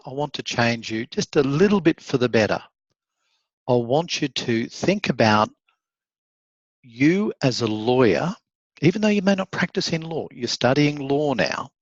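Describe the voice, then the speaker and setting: A man's voice: mid-range voice, lively intonation, a little slow, pauses often, dry recording, dull audio. Encouraging male law lecturer. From Australia. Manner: encouraging, conversational, laughs often. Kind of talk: online lecture, reading student chat comments aloud.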